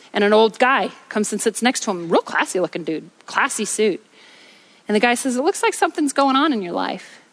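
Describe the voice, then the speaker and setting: High-voiced woman preaching with energy. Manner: energetic, repetitive rhythmic preaching. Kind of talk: sermon with storytelling. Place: church stage.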